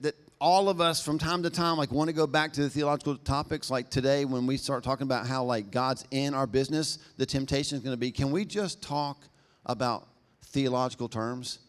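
A man preaching a sermon, talking fast and conversationally with a self-deprecating humor. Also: a little high. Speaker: pastor.

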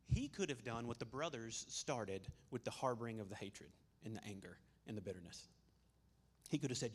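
A man preaching a sermon in a loose, chatty style, with a mid-range voice. He drops into quick voiced asides for the people in the story, then carries straight on talking to the congregation. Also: mid-range voice, animated, husky. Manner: conversational, plays characters in quick voiced asides.

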